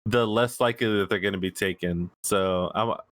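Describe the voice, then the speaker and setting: A man hosting a gaming podcast in casual chat, relaxed and swearing freely. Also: low-pitched, fairly quick, no room sound. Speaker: podcast host.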